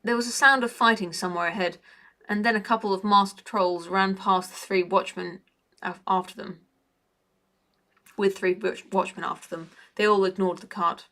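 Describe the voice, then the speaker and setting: Bright-voiced woman reading a story aloud. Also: mid-range voice, steady tone, normal speed. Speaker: reader.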